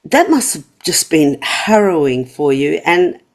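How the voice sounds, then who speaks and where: Low-voiced woman host. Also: sing-song, measured pace. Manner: empathetic, affirming. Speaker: podcast host. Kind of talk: interview hosting.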